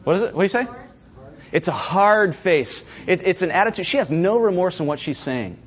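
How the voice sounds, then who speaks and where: Husky animated man preaching a sermon. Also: high voice, fairly quick, lo-fi sound. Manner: animated, acts out quoted voices, talks directly to congregation. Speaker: pastor.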